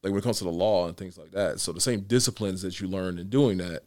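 A man's voice: low-pitched, fast talker, darkish tone, no room sound, studio quality. A man who is a county court judge, chatting casually in a long, rambling way with many restarts. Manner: rambling, many restarts and "you know" fillers. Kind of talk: casual podcast conversation.

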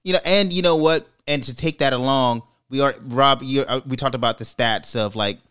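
A man hosting a casual podcast, giving his opinions in a measured way and slowing down to stress his points. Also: medium pitch, a bit bright, clean tone. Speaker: podcast host. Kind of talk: casual chat, opinion commentary.

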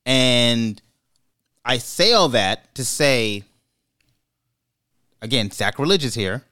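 A man hosting a casual podcast, giving his opinions in a measured way and slowing down to stress his points. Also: mid-range voice, expressive, pushed and bright. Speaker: podcast host. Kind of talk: casual chat, opinion commentary.

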